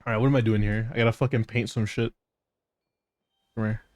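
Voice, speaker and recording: Low-pitched and fairly flat in melody, this man speaks briskly with a darkish tone in studio-quality audio with no room sound. Playing a game on a live stream, he keeps up casual, profane banter, teasing viewers and laughing regularly.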